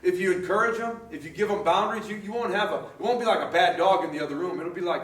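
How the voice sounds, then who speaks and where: A man preaching a sermon in a relaxed, storytelling way, laughing often and restarting his sentences. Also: high voice, quick pace, few pauses, roomy sound, far from the mic. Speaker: pastor.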